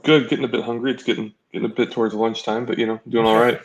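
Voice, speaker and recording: A man's voice: medium pitch, level tone, rapid-fire, lo-fi sound. A man on a football fan panel, talking in a laid-back, blunt way. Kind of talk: casual fan chat.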